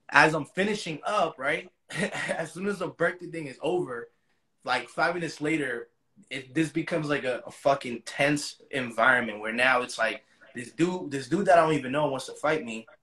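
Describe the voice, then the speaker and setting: A man's voice: mid-range voice, normal speed, pushed and bright. A man as an interview guest, retelling a story in casual, profane slang.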